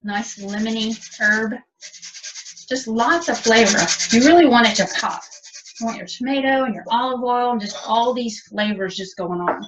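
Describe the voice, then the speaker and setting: A woman's voice: fairly high pitch, moderate pace, background noise. A woman teaching a cooking demonstration, chatty and explaining step by step. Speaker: cooking instructor. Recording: dull lo-fi audio from a distance.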